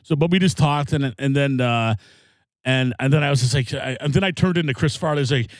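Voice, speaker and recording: A man telling a long anecdote in a relaxed, self-deprecating way. He trips over his words and circles back often. His voice sits at an ordinary pitch, recorded dry and close. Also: a little fast, dry recording. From Wisconsin. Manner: rambling, self-deprecating, with many fillers and restarts. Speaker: comedian guest. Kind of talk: casual storytelling.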